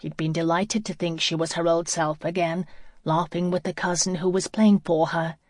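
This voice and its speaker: An audiobook narrator reading a first-person novel in a measured, reflective way. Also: mid-range voice, flat delivery, no room sound, clean studio sound.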